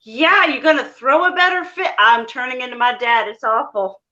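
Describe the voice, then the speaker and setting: High, bright young woman on dull audio. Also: normal speed. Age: young adult. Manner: chatty, candid, swears and acts out quotes. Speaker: guest. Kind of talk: casual chat.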